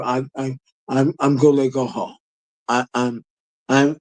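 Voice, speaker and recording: A man's voice: medium pitch, dry recording, close to an everyday voice, poor audio. A man mocking a stammering, self-loathing woman. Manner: mumbling, stammering mockery.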